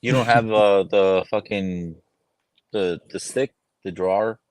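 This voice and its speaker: A man's voice: on the low side, fairly even intonation, takes it slowly, no room sound. A man hosting a casual livestream chat, swearing freely and laughing often. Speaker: livestream host. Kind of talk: casual chat over drinks.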